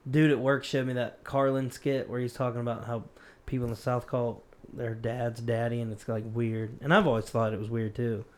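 A man co-hosting a podcast, talking bluntly in relaxed chat and swearing casually. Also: mid-range voice, moderate pace. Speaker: podcast co-host.

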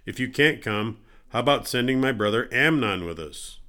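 A scheming young prince coaxes his sister and the king with calm, persuasive words, as a man reads the part. The voice stays in an ordinary middle register. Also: medium pitch, normal speed. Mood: coaxing. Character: vengeful young prince, smooth talker.

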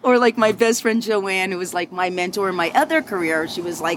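A middle-aged woman talks through her story in an interview, chatty and animated, breaking into laughter and tossing in quick asides. Her pitch sits in an ordinary middle range for a woman. The room has a faint hum of bar ambience behind her. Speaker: bartender telling her story. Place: inside a bar.

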